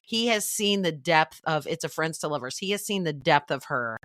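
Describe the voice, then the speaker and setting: A woman's voice: sits low, lively intonation, normal speed, a bit bright, no echo, studio quality. A woman hosting a podcast, bubbly and gushing, laughing often in casual chat. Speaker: podcast host.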